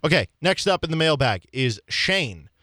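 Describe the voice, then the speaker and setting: A man's voice: on the high side, big pitch swings, moderate pace, pushed and bright, dry recording, studio quality. A young man hosting a sports talk radio show, telling stories in a chatty, self-deprecating way with frequent laughs. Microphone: studio microphone.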